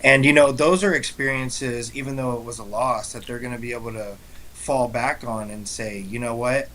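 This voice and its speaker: A man's voice: medium pitch, moderate pace, fairly bright tone, rough recording. A young man co-hosting a casual podcast, speaking in an earnest, heartfelt way with many "you know"s. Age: young adult. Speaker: guest co-host.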